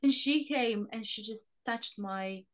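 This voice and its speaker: A woman with a slightly raised pitch tells her stories with lively animation, slipping into the voices of the people she quotes and breaking into laughter. The tone is a warm, casual spiritual chat between podcast co-hosts. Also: a little slow. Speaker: podcast co-host.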